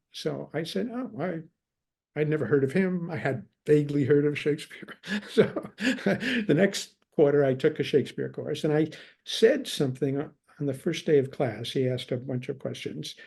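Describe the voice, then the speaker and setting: A man's voice: fairly high pitch, gravelly, slightly rough. An older man, a scholar being interviewed, telling long wry stories about his past and acting out what others said. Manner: wry anecdotal storyteller, quotes others in lively tones. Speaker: guest scholar. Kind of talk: relaxed storytelling in conversation.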